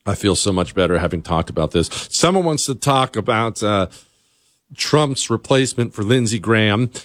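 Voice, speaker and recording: A man hosting a talk show, ranting comically in an animated, exasperated way, jumping high and then dropping low. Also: normal speed, dry recording. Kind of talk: comedic rant on a talk show.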